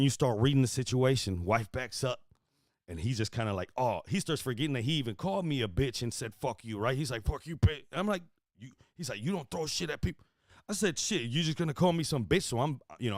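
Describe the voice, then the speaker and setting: Guy from houston spinning a wild story, swearing, gets loud then quiet, dry close mic. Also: mid-range voice, no room sound. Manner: animated, profane, swings from loud to hushed. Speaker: podcast host. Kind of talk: casual storytelling.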